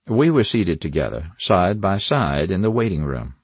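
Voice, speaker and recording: Man, crime audiobook narrator, wry, hard-boiled, animated lower voice. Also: moderate pace, hardly any pauses, slightly rough, no room sound. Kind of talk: first-person crime novel narration.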